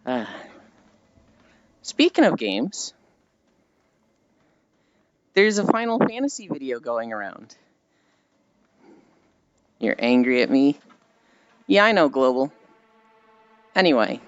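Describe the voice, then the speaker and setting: A man's voice: mid-range voice, measured pace, long pauses, muffled recording. Rambling man streaming while walking. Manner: rambling, self-deprecating, animated mock voices. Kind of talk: casual chat with stream viewers.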